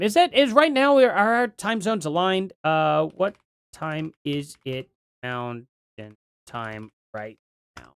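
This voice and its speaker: A middle-aged man hosting a casual livestream, thinking out loud and reading chat aloud, with lots of ums and restarts. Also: on the high side, expressive, takes it slowly, smooth, dry recording. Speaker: livestream host.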